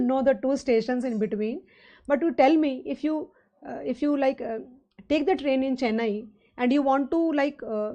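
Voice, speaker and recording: A mellow, somewhat high-pitched woman with an Indian English accent teaches finance live online. Her style is loose and talkative, with frequent fillers and questions thrown out to her students.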